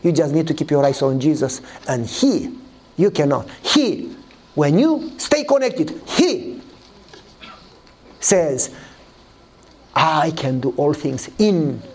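Animated high-voiced male preacher. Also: slow, pauses often, husky. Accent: Eastern European. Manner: animated storytelling, acts out dialogue in a higher voice. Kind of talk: sermon with acted-out story.

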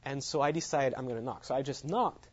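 A man's voice: medium pitch, fast. A man giving a sermon as he tells a personal story, laughing often at his own lines. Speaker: preacher. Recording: dull lo-fi sound.

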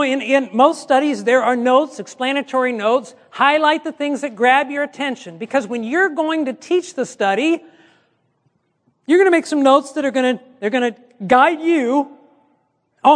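A man's voice: very high-pitched, normal speed, a bit bright. A man, a pastor, giving a conversational teaching talk, acting out little scenes of dialogue as he goes. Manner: conversational, acts out quoted dialogue. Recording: long hall reverb.

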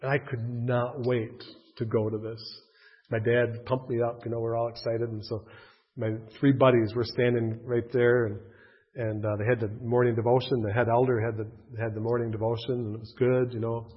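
A middle-aged man tells a personal story in a rambling, animated way, circling back over his words. His voice is husky and sits at a medium pitch. The recording is dull and lo-fi. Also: moderate pace. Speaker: speaker telling his faith story.

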